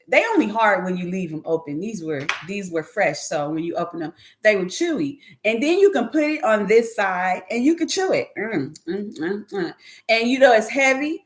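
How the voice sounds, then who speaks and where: Woman host, casual and profane, very lively pitch. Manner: animated, profane, laughs often, mimics others. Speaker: podcast host. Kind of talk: casual storytelling chat.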